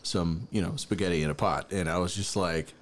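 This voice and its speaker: A man co-hosting a casual podcast chat, telling a story in an animated way and raising his voice high when he acts out his younger self. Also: brisk. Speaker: podcast co-host.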